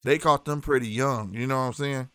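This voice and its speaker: A man's voice: mid-range voice, a little fast, fairly bright tone, clean tone, no echo. Loose-talking St. man, dry close mic. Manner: loose, repetitive, says "bro" and "you know what I'm saying". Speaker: streaming show host. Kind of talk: casual talk to live chat.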